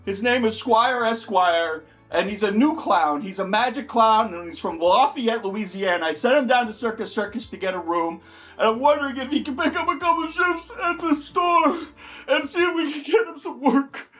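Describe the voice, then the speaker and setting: A man playing an emotional male clown employee in an improvised comedy sketch, rambling on and bursting into shouted bits. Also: sits high, normal speed, hardly any pauses, faint music behind. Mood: earnest.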